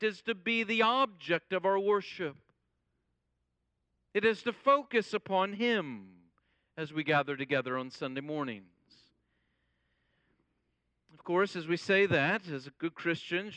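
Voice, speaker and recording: Bright-voiced preaching man. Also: sits high, clear, resonant tone, no echo. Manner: measured preaching with scripture quotes. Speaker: pastor. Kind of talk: sermon.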